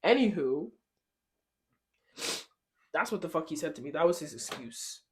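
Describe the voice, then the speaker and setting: A young woman hosting a podcast, telling a casual story in a lively, animated way, swearing and laughing often, her voice shooting up high when she is shocked. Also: normal speed, a little hiss or hum. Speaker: podcast host.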